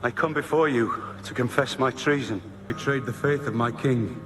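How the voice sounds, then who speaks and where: A man's voice: medium pitch, moderate pace, natural voice. An actor playing a condemned older nobleman who solemnly confesses in public, in film audio with music. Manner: solemn, grave delivery. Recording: film audio with loud score.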